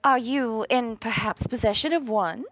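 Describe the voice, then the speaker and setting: A woman's voice: a little high, moderate pace, a bit bright, no echo, soft background music, natural voice. A woman voicing a poised, scheming noblewoman who speaks formally and politely in a tabletop game. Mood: courtly. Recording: slightly dull, dry sound.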